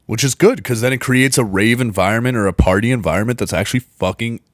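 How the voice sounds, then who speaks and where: A man's voice: medium pitch, no room sound, studio quality. A man in his twenties from Baltimore, a podcast guest talking bluntly and profanely in casual chat. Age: 20s. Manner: blunt and profane, quick asides. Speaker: podcast guest, music producer.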